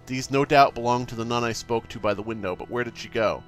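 A man doing let's play commentary, exasperated, swearing a lot and reading the game's options out loud. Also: medium pitch, quick pace, faint music behind. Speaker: gaming YouTuber.

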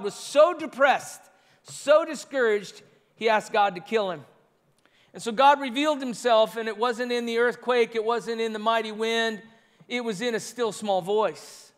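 A man's voice: extremely high pitch, fairly bright tone. A man preaching a sermon as pastor, earnest and repetitive in his phrasing. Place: church sanctuary. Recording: long reverb of a large church hall.

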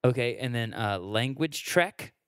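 A man's voice: mid-range voice, a little slow, smooth, dry recording, studio quality. A man, a comedian, chatting casually and joking as a podcast guest. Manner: joking, lively, mimics others. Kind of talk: casual chat.

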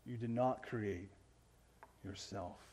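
A male pastor preaching a sermon, earnest, often checking in with the congregation and moving between loud emphatic lines and quiet low ones. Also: slow, breathy edge. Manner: earnest preaching, keeps asking the congregation "right?".

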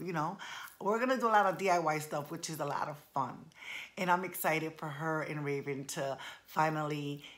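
A woman in her forties chatting casually to her viewers, full of slang and calling them y'all. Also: low-pitched. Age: 40s. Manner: colloquial, playful slang. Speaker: vlogger. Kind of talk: casual chat.

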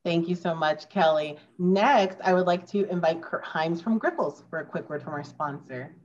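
A woman's voice: on the low side, normal speed, a little mellow, a little hiss or hum. A woman moderating an online forum, politely reading announcements and sponsor lists. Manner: polite, reads lists steadily. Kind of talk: scripted announcements. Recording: dull lo-fi video call audio.

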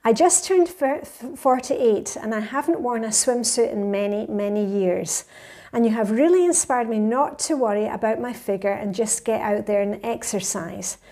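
A woman's voice: a little high, moderate pace, warm tone. A woman in her fifties, a lifestyle vlogger chatting enthusiastically as she reads out and answers viewer comments. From Scotland. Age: 50s.

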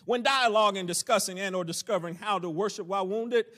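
High-voiced preaching man, drawn-out emphasis. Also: a bit bright. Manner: preacherly, drawn-out emphasis on key phrases, folksy asides. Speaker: pastor teaching Bible study. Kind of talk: sermon-style Bible teaching. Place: church.

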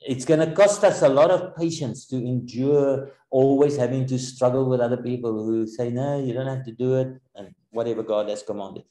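A man preaching a sermon in an earnest, explanatory way, pausing often. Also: medium pitch, dark tone, roomy sound, low-quality recording.

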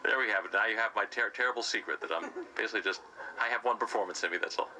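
A man's voice: on the low side, rapid-fire, low-quality recording. A man, a stage actor, chatting playfully in a casual interview about playing a villain. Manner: playful, slips into his villain's self-important voice.

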